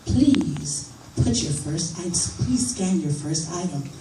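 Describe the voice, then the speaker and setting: A woman imitating the slow, polite voice of an automated female self-checkout machine. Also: on the low side, expressive, warm tone. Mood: prompting. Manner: slow, polite, mechanical prompts. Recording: echoey room, mic from far, noisy.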